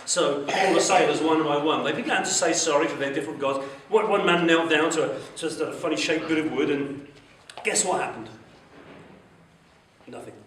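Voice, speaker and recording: A man whose voice sits high for a man tells schoolchildren a Bible story at a moderate pace, animated and asking them questions. He's heard from a distance in a school hall with heavy echo and faint noise underneath.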